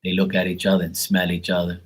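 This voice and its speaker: Husky-voiced male streamer, blunt and profane, casual rambling delivery. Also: sits low, monotone, quick pace. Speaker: live stream tarot reader. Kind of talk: casual storytelling chat.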